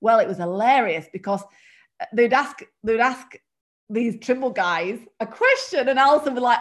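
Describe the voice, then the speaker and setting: A woman with a mild English accent, a guest telling work stories in a chatty, animated way. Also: fairly high pitch, normal speed. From England. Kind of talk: casual storytelling.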